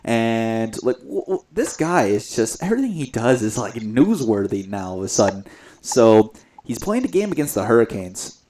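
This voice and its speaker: A young man in a casual hockey chat, excitable and animated, laughing often and speaking with many fillers. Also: mid-range voice, normal speed, a little hiss or hum. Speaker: podcast co-host.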